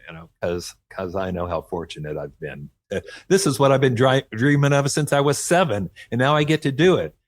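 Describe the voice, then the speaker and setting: A man's voice: medium pitch, lively intonation, a little fast. A man from Oklahoma, an author talking as a guest in a radio interview, earnest and encouraging, with frequent light laughs. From Oklahoma, USA.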